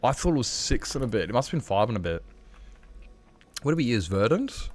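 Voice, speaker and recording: A man's voice: mid-range voice, very animated, brisk. A man chatting casually on a live game stream, rambling and candid, swearing freely and dropping lots of fillers. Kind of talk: casual live-stream chat while gaming.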